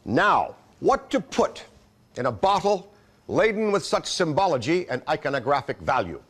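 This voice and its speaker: A man's voice: fairly high pitch, sing-song, moderate pace, fairly bright tone. A man giving earnest, solemn promotional narration about mystical artifacts. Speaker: commercial spokesman.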